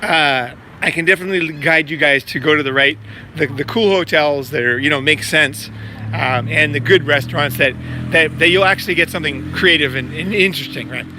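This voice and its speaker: A man talks to camera outdoors on a city street, his fairly high voice bright and sharp-edged. He rambles, swears and piles on fillers and repeated words, with faint street noise behind him. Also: fairly quick. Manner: profane, filler-heavy, repeats himself. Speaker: vlogger promoting a meetup. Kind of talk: casual rambling vlog talk.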